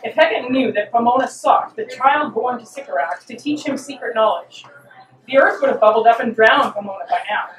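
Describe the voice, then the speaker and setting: A woman's voice: fairly high pitch, fairly quick, distant mic. Woman reading fiction aloud in an echoey hall. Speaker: author. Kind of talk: reading her fiction aloud at a live event. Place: reading venue. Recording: roomy hall, mic from afar.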